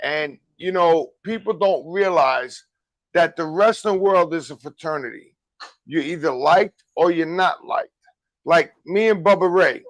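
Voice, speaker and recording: A man who is a former pro wrestler, a guest on a casual podcast, telling stories slowly, repeating himself and swearing freely. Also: on the high side, no echo. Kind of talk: casual storytelling chat.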